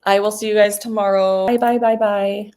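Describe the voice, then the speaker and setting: A woman real estate broker chatting casually in a vlog between cold calls, relaxed and full of ums. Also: mid-range voice, normal speed.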